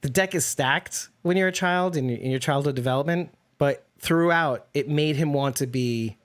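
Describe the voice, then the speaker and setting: Rambling, animated man podcast co-host. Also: on the high side, moderate pace. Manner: animated, rambling, laughs often, swears. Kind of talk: casual chat.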